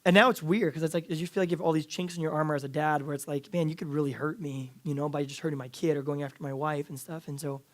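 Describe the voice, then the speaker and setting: A man's voice: fairly high pitch, fairly even intonation, fast talker, hardly any pauses. A man in his thirties preaching a casual, earnest sermon to a youth group, with lots of fillers and restarts. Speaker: youth pastor. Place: church youth service.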